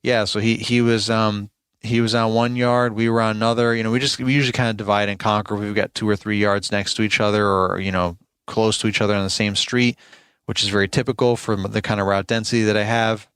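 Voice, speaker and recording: Low-voiced man telling a story. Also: level tone, a little fast, a bit bright, clear, resonant tone, dry recording. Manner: rambling, conversational, exasperated about complaints. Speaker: podcast host and lawn care business owner. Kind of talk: casual storytelling monologue.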